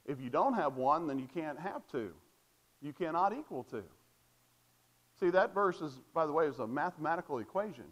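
A man's voice: fairly high pitch, expressive, moderate pace. A man preaching a sermon, emphatic and repetitive, asking rhetorical questions and stressing key phrases.

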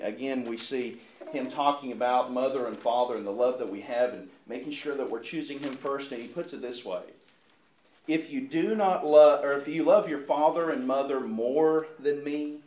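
Casting: male pastor, fairly high voice, earnest sermon delivery with restarts, roomy echo. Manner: earnest, with frequent repeated words and restarts.

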